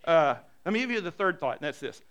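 A middle-aged man preaching a sermon as a pastor, animated and self-deprecating, swinging between hushed and loud. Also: a little high, quick pace, clear, resonant tone.

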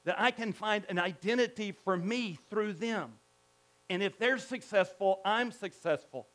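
A middle-aged man preaching a sermon as a pastor, emphatic and animated, often repeating himself and restarting phrases. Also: high-pitched, unhurried.

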